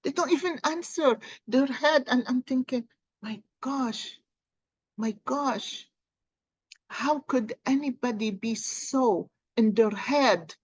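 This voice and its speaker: A woman speaking as a gives a heartfelt motivational talk, repeating her words for emphasis. Her delivery is slow and unhurried. The recording is dry, with no room sound. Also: high-pitched, darkish tone, husky, no room sound, highs cut off. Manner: earnest, encouraging, repeats phrases for emphasis. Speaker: tarot and coffee cup reader. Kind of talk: motivational casual talk to viewers.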